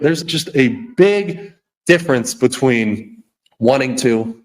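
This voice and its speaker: A man's voice: medium pitch, animated, slow, darkish tone. Blunt man giving a motivational rant. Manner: blunt, preachy, repeats himself with frequent "okay?" and restarts. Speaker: podcast host.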